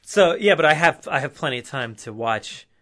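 A man guesting on a podcast who talks in a relaxed, hesitant way with lots of fillers. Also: on the high side, normal speed. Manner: easygoing, hesitant, filler-heavy. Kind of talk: casual chat.

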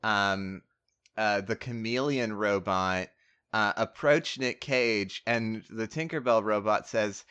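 A man's voice: on the low side, slow, sharp tone, smooth. A man in casual chat about a movie, rambling with lots of fillers and the odd swear word.

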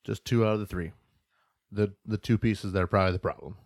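A man's voice: on the low side, steady tone, fast talker, dry recording, studio quality. A man co-hosting a casual podcast, reading out news and events with loose, joking asides and casual swearing. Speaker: podcast co-host.

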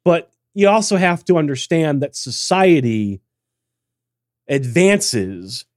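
A man's voice: fairly high pitch, lively intonation, takes it slowly, no echo. A man co-hosting a casual podcast, reading listener emails with dry, teasing humor. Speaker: podcast co-host.

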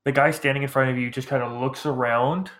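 A man's voice: mid-range voice, fairly even intonation, fairly quick, fairly bright tone. A man narrating a tabletop game as its game master, telling the scene loosely. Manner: loose, storytelling narration with chanted crowd voices.

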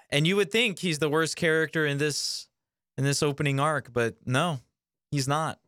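A man with a smooth, resonant voice, pitched a little high, chats on a review podcast. He jokes in a dry way. The sound is close and dry. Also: unhurried, fairly bright tone, no room sound. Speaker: podcast co-host. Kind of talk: casual review chat.

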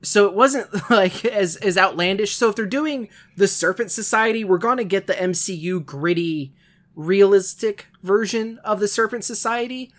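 A man's voice: high voice, normal speed, a bit bright. A man co-hosting a casual podcast, rambling in a self-deprecating, nitpicky way. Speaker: podcast co-host.

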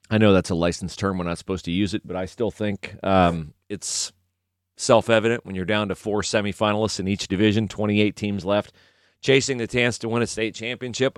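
Opinionated low-voiced Midwestern sports podcaster. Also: male voice, clean tone, no echo, clean studio sound. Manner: opinionated, chatty, rambling with self-corrections. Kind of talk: casual sports talk with a host-read ad.

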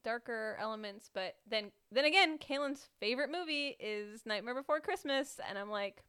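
A woman's voice: on the high side, expressive, moderate pace, bright, forceful tone, smooth. A young woman co-hosting a podcast in casual chat, bubbly and rambling with giggles. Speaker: podcast co-host.

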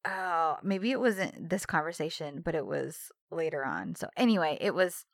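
A woman co-hosting a podcast recaps a TV series in casual chat, her low-pitched voice carrying vocal fry at normal speed. She giggles often and acts out the characters' lines in animated bursts. The recording is studio quality with no echo.

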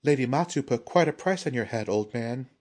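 A man's voice: mid-range voice, lively intonation, fairly quick, darkish tone, pitched above the performer's own voice, close to an everyday voice. A man voicing a scarred ronin woman who stays cool and taunting. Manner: silky, taunting.

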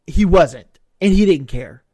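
High-voiced man, casual profane chat. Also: lively intonation, dark tone, breathy edge, no room sound, clean studio sound. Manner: rambling, profane, quick to laugh. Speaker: podcast co-host.

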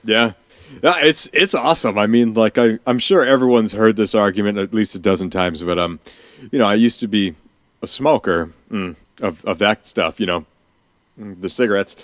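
A man's voice: fairly low pitch, moderate pace, dry recording. A man chatting casually, rambling with fillers and restarts and laughing often. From Danish family. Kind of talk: casual chat.

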